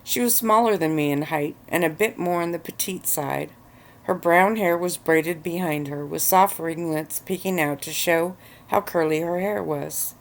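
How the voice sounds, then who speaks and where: A woman relaxing on a bed of pillows, reading her own story aloud in a relaxed ASMR-style narration. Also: on the low side, moderate pace, vocal fry.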